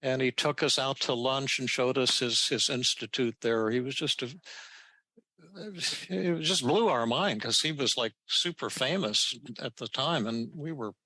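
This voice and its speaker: An older man hosting a podcast tells a story in a casual, halting way. He restarts often and repeats words as he goes. His voice sounds bright and forward, and the recording is close and dry with no room echo. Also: medium pitch. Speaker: podcast host answering listener questions.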